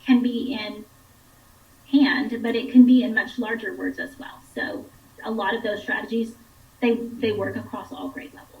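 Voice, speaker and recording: Teacherly woman coach, higher voice. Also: little pitch movement, normal speed, reverberant, distant mic, dull audio. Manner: patient, clear teacherly explaining. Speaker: instructional coach. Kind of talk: explaining to parents.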